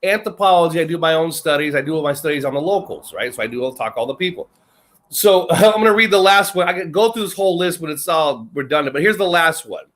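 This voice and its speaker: A man's voice: on the high side, animated, quick pace, a bit bright. An American man in casual chat, rambling and joking, often breaking into laughter mid-sentence. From United States. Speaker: guest. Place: lives in Britain.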